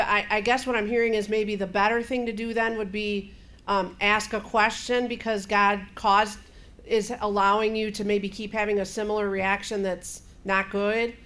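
A woman's voice: mid-range voice, fairly bright tone. Hesitant woman asking a follow-up. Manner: hesitant, halting with fillers. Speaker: questioner.

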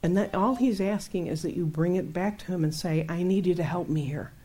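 Middle-aged woman, warm low voice, chatty faith teacher who laughs and acts out stories. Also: a little fast, husky. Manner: animated, laughs often, acts out her own outbursts. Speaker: Christian teacher. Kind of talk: conversational Bible teaching.

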